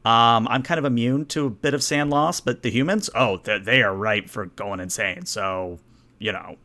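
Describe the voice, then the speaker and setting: A man's voice: mid-range voice, moderate pace, pushed and bright. Casual, rambling male game master. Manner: casual, rambling, many fillers. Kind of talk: narrating a tabletop game.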